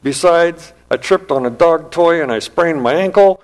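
A man voicing an overwhelmed young housewife near tears, pouring out a rushed, pleading list of complaints during a sermon story. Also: on the high side, voice pushed up, lightly acted. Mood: distressed.

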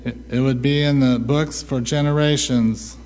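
A man preaching a sermon, asking rhetorical questions and answering them himself with a slow, deliberate delivery. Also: mid-range voice, steady tone, darkish tone. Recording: long hall reverb.

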